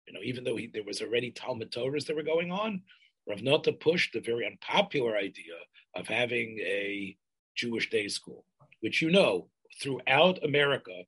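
Older man, husky, halting storytelling. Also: mid-range voice, a bit bright, rough recording. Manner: halting, many restarts, Yiddish and Hebrew terms. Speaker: interviewee. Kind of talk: oral history interview.

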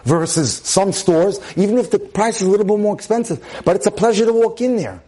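Male rabbi, fairly high-pitched, giving a Torah class on relationships in an emphatic style. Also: a little fast, dark tone. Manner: emphatic, repeats phrases for stress, drops in Hebrew terms. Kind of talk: relationship lecture.

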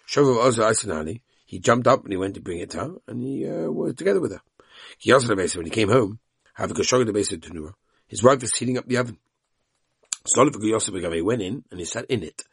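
Male Talmud teacher, low husky voice, quick delivery, reads Aramaic and retells the story in English. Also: very animated, dry recording, studio quality. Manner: tells the story with voiced quotes of the characters.

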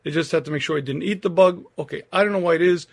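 Man, 50s, Torah lecturer, earnest storyteller, slightly high voice, frequent throat-clearing. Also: racing.

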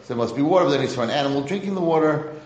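A man's voice: fairly high pitch, expressive, racing, darkish tone, roomy sound, muffled recording. A man teaching a religious lesson to a class, posing rhetorical questions and mixing in Hebrew terms. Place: room with a class present.

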